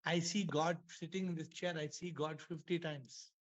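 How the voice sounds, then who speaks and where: A man's voice: fairly high pitch, steady tone, normal speed, muffled recording. A man with an Indian English accent giving a spiritual talk. He tells stories, repeats his points and asks his listeners questions. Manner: storytelling, repetitive, asks the audience questions. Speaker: spiritual teacher. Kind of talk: spiritual talk to an online audience. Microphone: video call.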